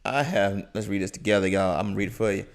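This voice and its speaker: A man's voice: on the low side, quick pace. A man giving live reaction commentary, exclaiming and offering advice. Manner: animated, exclaiming, preachy asides. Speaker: reaction streamer.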